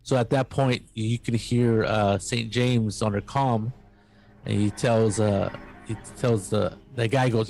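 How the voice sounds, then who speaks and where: A man narrating as game master of a tabletop role-playing game, halting and full of fillers. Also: fairly low pitch, steady tone, gravelly, darkish tone. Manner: halting, filler-heavy narration with quick voices for NPCs.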